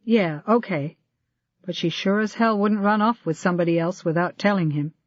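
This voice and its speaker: A man's voice: high-pitched, normal speed, no echo, natural voice. A narrator reading the lines of a distraught middle-aged male police staff sergeant, clipped and agitated, on a dull, dry recording. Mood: subdued. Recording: dry, slightly dull lo-fi audio.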